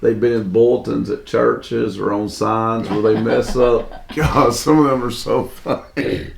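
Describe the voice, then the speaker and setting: A man's voice: medium pitch, fairly even intonation, unhurried, creaky. A man, a talk show co-host who laughs easily and answers with brief reactions. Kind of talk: casual chat. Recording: echoey room with faint noise.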